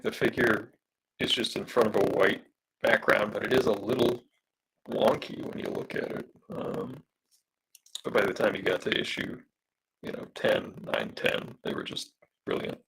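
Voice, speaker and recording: A man's voice: on the low side, creaky, a bit bright, slightly rough, rough recording. A man streaming a live drawing session, losing his voice from smoke, chatting in a rambling, hesitant way with many fillers and reading out viewer comments. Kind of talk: casual live-stream chat while drawing.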